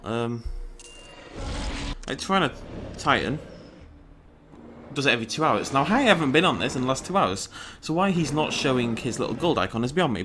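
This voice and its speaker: A man's voice: mid-range voice, fairly bright tone. A man hosting a let's-play video, chatty and playful as he comments on the game and reads its dialogue aloud. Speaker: gaming channel host.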